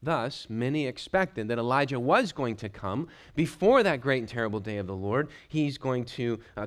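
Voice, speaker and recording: A man preaching a verse-by-verse sermon, reading scripture passages aloud and explaining them, now and then clearing his throat. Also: medium pitch. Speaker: pastor. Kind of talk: expository sermon.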